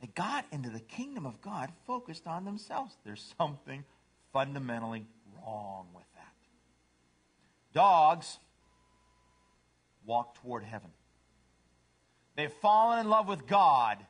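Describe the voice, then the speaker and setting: Middle-aged male pastor, sermon delivery, very lively melody, slightly high-pitched, acts out silly voices. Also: unhurried, pauses often, husky. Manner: animated, puts on voices for cats and dogs.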